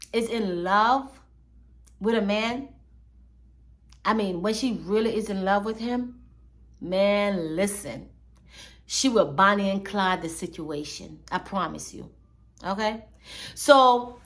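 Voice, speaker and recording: A woman's voice: fairly high pitch, sharp tone. A woman hosting a commentary channel, talking in a chatty, slangy storytelling way. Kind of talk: casual commentary.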